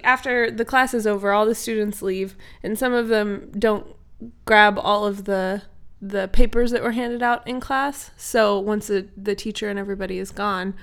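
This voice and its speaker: A woman's voice: mid-range voice, a bit bright, smooth. A woman hosting a podcast, telling an improvised bedtime story in an easygoing way with many fillers. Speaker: podcast host.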